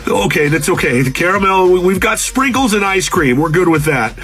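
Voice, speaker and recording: A man's voice: high voice, animated, a little fast, a bit bright, faint music behind. A man reacting in disbelief, laughing as he pleads. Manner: incredulous, laughing. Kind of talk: casual reaction.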